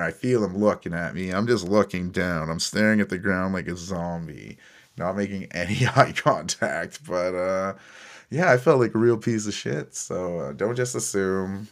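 Deep-voiced casual male podcast host. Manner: rambling, self-deprecating, swears casually. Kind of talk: casual storytelling.

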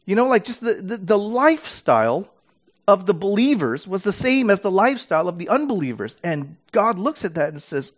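Man, preacher, sermon, high-pitched, very lively intonation, casual with fillers. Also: normal speed. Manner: animated, dramatic readings of scripture with fillers and restarts.

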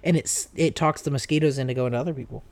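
A man's voice: mid-range voice, fairly even intonation, fast talker. A man, a dad, hosting a casual podcast chat with his child, asking playful, goofy questions. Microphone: podcast microphone.

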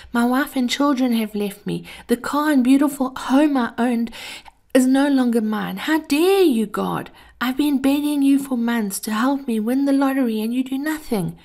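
A woman's voice: a little high, creaky, voice pushed up. A woman voicing a desperate, self-pitying man who cries out in a raised, wailing voice.

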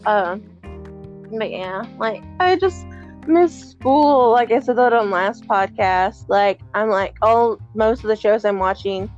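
A young woman from the American South, chatting haltingly on a podcast with lots of fillers. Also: mid-range voice, darkish tone, lo-fi sound, soft background music. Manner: giggly, halting with many fillers. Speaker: podcast co-host. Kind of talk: casual chat.

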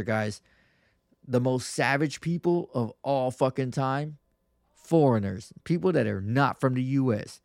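A male podcast host rambles through stories in a loose monologue. His speech is crude and full of profane slang, and his pitch sits in the middle. The sound is dry and close, with little room echo. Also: creaky.

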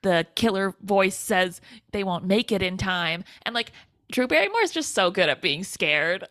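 A woman's voice: medium pitch, expressive, a little slow, a bit bright, dry recording. A young woman co-hosting a podcast, animatedly retelling a horror film's scenes, acting out quotes and laughing often. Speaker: podcast co-host. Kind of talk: casual chat, retelling a film.

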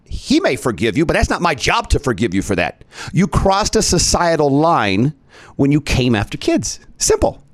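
Male podcast host, emphatic and indignant, pitch swings widely, dry close sound. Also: huge pitch swings, normal speed, dry recording. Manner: emphatic, indignant, talks straight to listeners. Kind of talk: opinion commentary.

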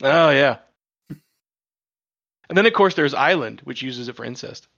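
A man's voice: mid-range voice, animated, measured pace, vocal fry, a bit bright. A man on a podcast chatting casually, grumbling and sardonic about what he dislikes. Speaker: podcast regular. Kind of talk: casual chat. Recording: dull lo-fi mic.

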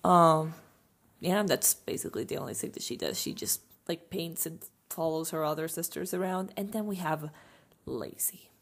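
A young woman talks through her opinions in a loose, chatty monologue, with frequent "like"s and dramatic asides. Her voice sits fairly low and has a husky, breathy grain. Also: normal speed. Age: young adult. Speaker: podcast host.

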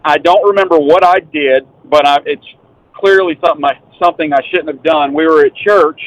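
A man's voice: on the high side, fairly quick, no room sound, rough recording. Easygoing man on speakerphone from a car. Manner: easygoing, hesitant with fillers. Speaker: guest, father of two. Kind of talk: casual phone interview.

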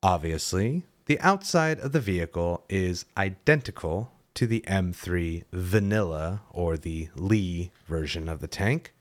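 A male podcast host speaks at an unhurried, deliberate pace, his pitch rising and falling in a lively, animated way. He delivers a solo history monologue peppered with wry, self-mocking asides.

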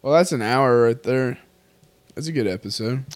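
A man's voice: mid-range voice, normal speed, no echo. Loose, swearing male podcast co-host. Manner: loose, swearing, laughing often. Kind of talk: casual chat.

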